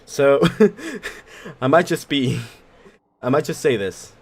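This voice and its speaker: A man hosting a gaming video, giving casual commentary that swears, laughs and reacts loudly. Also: medium pitch, lively intonation, takes it slowly. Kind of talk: casual let's play commentary.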